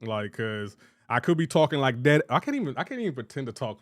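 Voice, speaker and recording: A man's voice: medium pitch, big pitch swings, quick pace, no room sound, studio quality. A man from Delaware streaming a game, chatting casually, rambling and restarting his sentences as he answers chat. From Delaware, USA.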